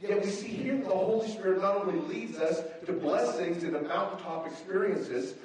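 Man, pastor, high voice, animated storytelling sermon, very echoey hall, distant mic. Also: normal speed. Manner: animated storytelling, acting out his own reactions.

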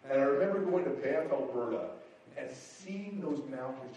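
A man's voice: mid-range voice, expressive, normal speed, dark tone, slight background noise. A man preaching a sermon as pastor, telling stories and acting out his own reactions with energy. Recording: very echoey hall, mic far off.

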